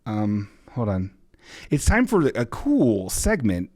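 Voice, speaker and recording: A man's voice: on the low side, huge pitch swings, takes it slowly, a little mellow, dry recording, studio quality. A man hosting a livestream podcast, chatting casually in a rambling, jokey way with sarcastic asides. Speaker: podcast host. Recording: music bed playing underneath. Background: looping background music.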